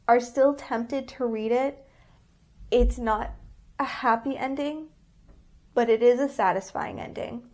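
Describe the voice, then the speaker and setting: A woman's voice: fairly high pitch, a little mellow. A woman reviewing books on her vlog, earnest and openly emotional, rambling with frequent restarts. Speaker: book vlogger. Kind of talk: casual book review vlog.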